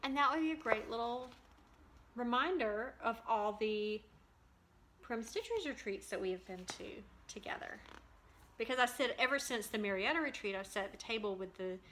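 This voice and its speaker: Chatting casually and with enthusiasm, a woman vlogger walks through her cross-stitch haul, saying um often. Her voice sits on the high side and is expressive and fairly bright, at a moderate pace, with a little hiss or hum.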